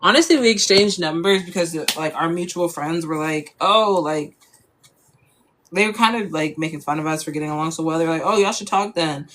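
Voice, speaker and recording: A woman's voice: deep voice, fairly quick, a bit bright. A young woman telling a personal story in a casual, chatty way, full of fillers.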